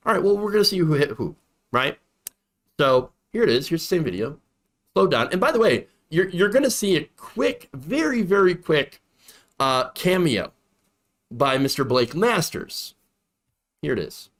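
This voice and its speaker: A man's voice: on the high side, very animated, normal speed, pauses often. Indignant man doing political commentary. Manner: indignant, sarcastic, repetitive.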